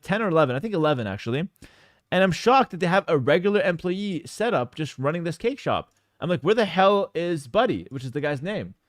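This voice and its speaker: A man with a lively, bouncing voice casts a strategy game tournament and chats casually between plays. He sits slightly high for a man, dry and close to the mic. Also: dry recording. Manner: animated, talkative, many fillers and asides. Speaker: game caster and streamer. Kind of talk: casual storytelling and esports commentary.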